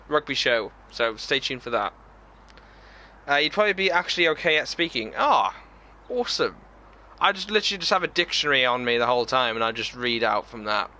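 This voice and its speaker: A man's voice: medium pitch, pushed and bright. A man chatting casually on a live game stream, reading viewer comments aloud and answering them. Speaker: gaming streamer.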